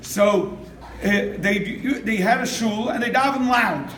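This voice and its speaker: Animated older rabbi preaching in an echoey hall. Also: male voice, high-pitched, takes it slowly, a little hiss or hum. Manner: animated, acts out quotes, laughs often. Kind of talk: sermon with storytelling. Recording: echoey room from far off.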